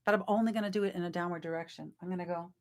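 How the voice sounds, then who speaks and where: A woman's voice: lowish voice, steady tone, very fast, darkish tone, faint music behind. A woman vocal coach teaching a live online singing class in a chatty, encouraging way, breaking off to sing short demonstration sounds.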